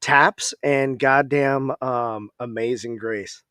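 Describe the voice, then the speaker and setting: A man from Minnesota, an Army veteran guest on a podcast, telling stories in a casual, profane and animated way. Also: mid-range voice, slow pace, clear, resonant tone, dry recording, studio quality.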